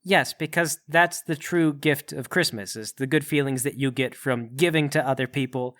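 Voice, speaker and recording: A man's voice: medium pitch, moderate pace, fairly bright tone, natural voice. A man playing a prim, polite butler. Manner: formal, polite. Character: polite, fussy male butler.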